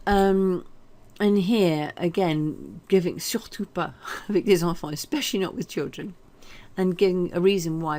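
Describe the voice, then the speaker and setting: A woman with a somewhat low voice runs a French lesson. She talks in a chatty, explanatory way, full of fillers and small hesitations. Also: darkish tone. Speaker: French teacher. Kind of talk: recorded language lesson.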